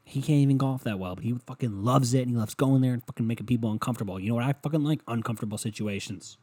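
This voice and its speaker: A man's voice: mid-range voice, rapid-fire, dark tone, husky. A young man hosting a solo comedy podcast, rambling crudely and self-deprecatingly while acting out other people's voices. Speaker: podcast host.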